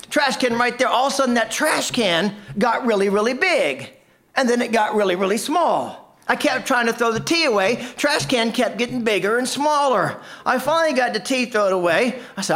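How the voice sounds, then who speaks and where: Guy spinning a funny tall tale, high voice, deadpan punchlines. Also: moderate pace. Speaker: storyteller. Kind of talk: comic tall-tale performance.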